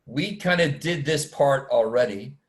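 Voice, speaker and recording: A math instructor teaches a statistics class over a video call, his medium-pitched voice animated and unhurried. The casual online lecture is informal and self-deprecating, full of muttered asides and mild curses, and it's picked up by a video call mic.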